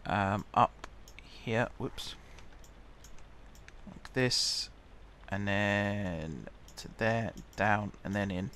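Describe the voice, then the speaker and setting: A man's voice: lowish voice, drawn-out words, fairly bright tone, a little hiss or hum. A man chatting casually as he plays a building game, muttering to himself while he builds. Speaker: gaming channel host.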